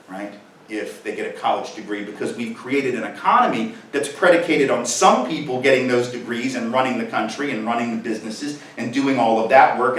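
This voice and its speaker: A man giving a public lecture at a college, speaking in a punchy, rhetorical way and often asking the audience "right?". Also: medium pitch. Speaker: guest speaker. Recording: echoey hall, mic at a distance.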